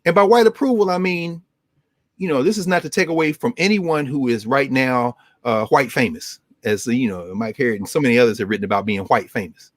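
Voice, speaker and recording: A man giving an impassioned, preacherly talk as a regular guest scholar on a show, swinging his pitch widely. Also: fairly quick, no room sound, clean studio sound. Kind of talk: animated lecture-style talk.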